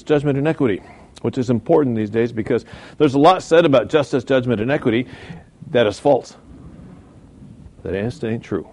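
A man's voice: mid-range voice, dark tone. A man teaching from the Bible in a folksy, informal way, with asides and mock voices. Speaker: preacher.

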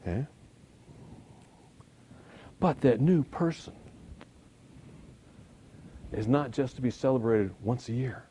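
A man leads a church Bible lesson in a chatty, folksy manner. His pitch moves a lot, and he stretches words out when he wants a point to land. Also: animated, takes it slowly, long pauses, mellow, slight background noise. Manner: conversational, folksy, chuckles at own points. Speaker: Sunday school teacher.

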